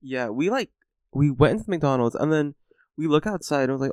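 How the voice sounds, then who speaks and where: A young man co-hosting a podcast in casual chat, quick to laugh and a little defensive. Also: a little high, sing-song, dry recording, studio quality. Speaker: podcast co-host.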